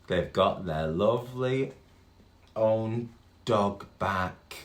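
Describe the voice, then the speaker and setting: Male children's storyteller, lively swooping pitch, slow pace, echoey room with faint guitar. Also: slight background noise. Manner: animated, with gasps and exclamations.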